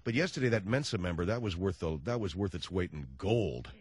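A male radio host with a lively, swinging delivery, wry and quick to sound exasperated. He speaks on a close studio mic with a dry, dead sound. The setting is a comedy talk show. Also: low-pitched, breathy edge, no room sound.

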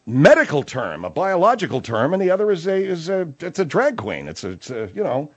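A man's voice: a little high, wildly swooping pitch, a little fast, breathy edge, muffled recording. A man in argumentative comedy banter, interrupting often and calling people "man" and "dude".

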